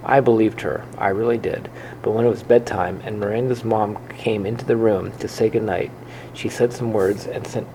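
A man reading a children's book aloud in first person, unhurried, with occasional slips and rereads. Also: fairly low pitch, steady tone, mellow, slight background noise, poor audio. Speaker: reader.

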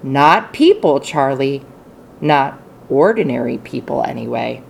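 A woman voicing an old grandfather telling secrets in an audiobook reading, speaking low, hushed and confiding. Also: animated, measured pace, gravelly, breathy edge, heavily acted.

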